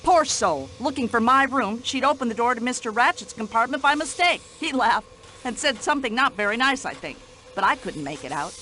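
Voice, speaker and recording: A shrill, chatty older American widow in a mystery game. Her voice sits high and leaps all over the place with a bright, sharp edge. She sounds permanently put out and quick to take offense. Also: animated, slight background noise. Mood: indignant. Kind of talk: video game voice acting.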